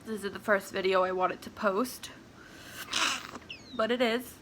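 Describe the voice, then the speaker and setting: A tearful, sniffling woman talking at home in a personal confessional vlog, halting and soft, slipping into whispers. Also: mid-range voice, fairly even intonation, slight background noise. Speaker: vlogger.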